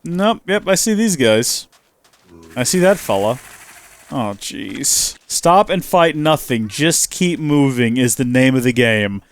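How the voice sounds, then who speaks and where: A man runs a gaming channel, providing let's play commentary in an animated style, exclaiming and talking to himself while he plays. His voice is medium-pitched and slow-paced.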